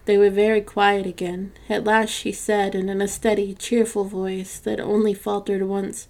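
A woman narrating a classic story for a podcast in a measured, gentle reading. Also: mid-range voice, flat delivery.

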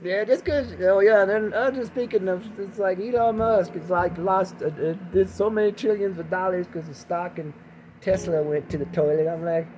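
A man's voice: sits high, steady tone, moderate pace, a little mellow, a little hiss or hum, rough recording. A man rambles through his own podcast in a loose, casual way. He jokes at his own expense and wanders from one thought to the next. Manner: joking, self-mocking, jumps into put-on voices. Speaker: podcast host.

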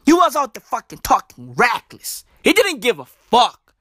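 A young man with delivering a profane, animated comedic rant full of mocking asides and put-on voices. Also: very high-pitched, moderate pace, noisy background. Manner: animated, profane slang-heavy ranting with mock impressions. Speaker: comedic commentator.

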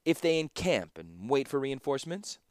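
A man reads aloud in a natural, very animated, slightly mellow voice of medium pitch, pitched above his own, at a normal speed. He voices an old, skeptical war chief who politely questions orders, in a studio-quality recording with no room sound.

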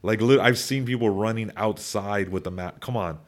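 A young man chatting casually on a podcast, rambling with many restarts and repeated words, now and then turning animated. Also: fairly low pitch, moderate pace. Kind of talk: casual opinion chat.

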